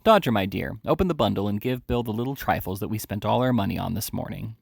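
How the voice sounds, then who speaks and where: A man's voice: lowish voice, expressive, fast, gravelly, breathy edge, dry recording, clean studio sound, heavily acted. A man reading aloud, voicing an older, wheedling male schemer in an oily, ingratiating manner.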